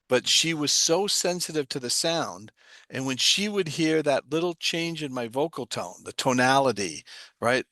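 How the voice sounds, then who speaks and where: A man's voice: medium pitch, fairly bright tone, no echo. A man giving an explanatory talk, asking himself rhetorical questions and answering them. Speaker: guest speaker on trauma. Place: online livestream.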